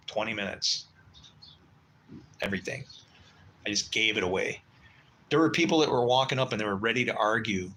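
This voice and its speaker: Older male livestream host in his sixties, low-pitched but with a bright, edgy bite, blunt and profane, rambling through stories, faint room hum behind. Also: rough recording. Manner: blunt, swearing storyteller who mutters asides. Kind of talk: casual rambling livestream chat.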